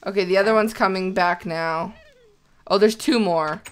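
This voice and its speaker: A woman chatting casually while playing a video game with a friend, animated and prone to shrieks when startled. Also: mid-range voice, normal speed, heavy background noise. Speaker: co-host of a gaming let's play. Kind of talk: casual gameplay chat.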